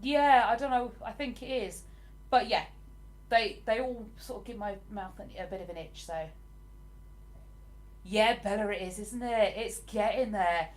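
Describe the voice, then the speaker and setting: A woman's voice: mid-range voice, a little slow. A young woman, talking to her viewers on a live stream from her living room. She reads comments aloud and answers them in a chatty, rambling way, with a voice in the middle of the female range. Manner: chatty and rambling, with frequent ums.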